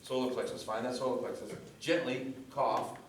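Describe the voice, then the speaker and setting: A man coaching a chorus through warm-ups, giving brisk commands and demonstrating sounds by singing them. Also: medium pitch, steady tone. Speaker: vocal coach. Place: rehearsal room with a chorus. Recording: echoey room from far off, noisy.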